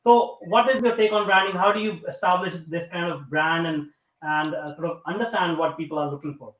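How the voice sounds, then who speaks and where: A man's voice: a little high, fairly even intonation, fairly quick, a bit bright, lo-fi sound. A man hosting an interview, asking questions hesitantly with many fillers. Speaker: interview host. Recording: roomy echo.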